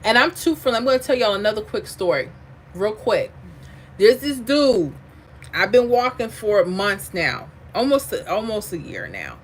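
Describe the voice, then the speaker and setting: A woman hosting a lottery livestream, chatting casually, reading viewer comments aloud and drifting into animated asides. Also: mid-range voice, moderate pace, slight background noise.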